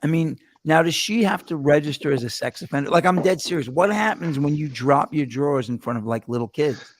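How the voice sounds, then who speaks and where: A man's voice: on the high side, animated. A man hosting a casual chat show, bantering and joking with his guests. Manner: bantering, joking, quick to laugh. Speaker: host.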